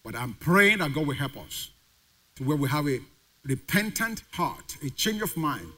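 A man's voice: a little high, sing-song, normal speed, sharp tone. A male pastor preaching a sermon to a congregation, putting questions to the crowd and having them call the answers back. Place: church sanctuary.

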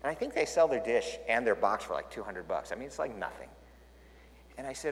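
Animated male preacher in a big hall. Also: mid-range voice, fairly quick. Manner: animated, jokey, acts out scenes. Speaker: pastor. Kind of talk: storytelling sermon. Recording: long hall reverb.

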